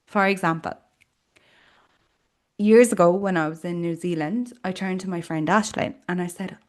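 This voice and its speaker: This podcast host is a woman with an Irish accent and a fairly low-pitched voice, moving at a moderate pace. She reflects earnestly in a personal monologue, dropping in casual fillers as she goes.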